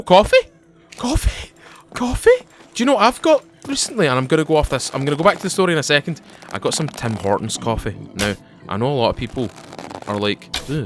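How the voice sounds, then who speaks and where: Here a gaming YouTuber, a young man with a medium-pitched voice, rambles through a long story as he plays a survival game. There's slight background noise, and he keeps breaking off with animated, chatty asides.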